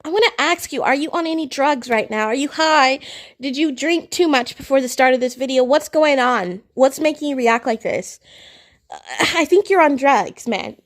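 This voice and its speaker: A woman's voice: sits high, moderate pace. A woman hosting a reaction video, commenting in a profane, exasperated and mocking way.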